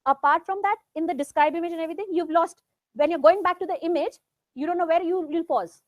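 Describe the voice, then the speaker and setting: A woman with an Indian accent teaches an exam-prep class, talking fast and coaxing students to take a turn. Her voice sits very high, and the sound is dry and close. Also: darkish tone, no room sound. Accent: Indian English. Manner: instructive, coaxing students to try. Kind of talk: classroom coaching mixing English and Hindi.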